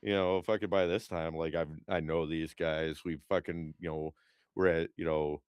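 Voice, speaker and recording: A man's voice: level tone, moderate pace, dry recording. A man co-hosting a podcast, chatting casually and telling rambling stories full of fillers and cursing. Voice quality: smooth low voice. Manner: rambling, profane storytelling with lots of fillers. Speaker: podcast co-host.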